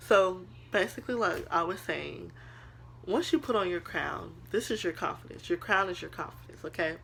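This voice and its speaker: A young woman talks straight to her viewers like a big sister, earnest and a little preachy, calling them girl and honey. Her voice is bright with a gravelly edge. Faint noise hums behind her. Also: on the low side, lively intonation, normal speed. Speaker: vlogger. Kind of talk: casual motivational talk to camera.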